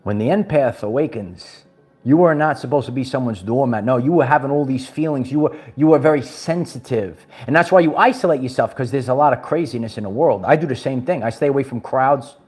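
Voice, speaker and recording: A man's voice: medium pitch, brisk, slightly rough, faint music behind. A man from Brooklyn, talking to his viewers in an emphatic, preachy way and repeating his phrases. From Brooklyn, New York. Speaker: spiritual empowerment vlogger. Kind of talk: livestream motivational talk.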